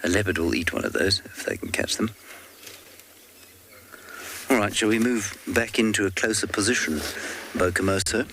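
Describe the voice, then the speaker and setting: A man whispering very softly while giving live wildlife commentary as a safari guide from a vehicle outdoors. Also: lowish voice, normal speed, pauses often, a little hiss or hum, rough recording.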